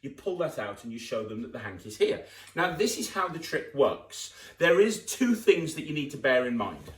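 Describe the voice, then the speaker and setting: A man with an English accent, a children's magician, explaining a magic trick to kids in a playful, exaggerated way with bursts of excited shouting. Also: medium pitch, normal speed. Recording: echoey room, from a distance.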